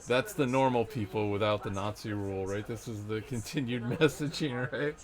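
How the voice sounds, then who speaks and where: Rambling low-voiced man, chatter behind. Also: fairly even intonation, a little fast. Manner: rambling, trailing off, frequent fillers and self-restarts. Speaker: vlogger. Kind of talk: rambling casual monologue. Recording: background crowd chatter.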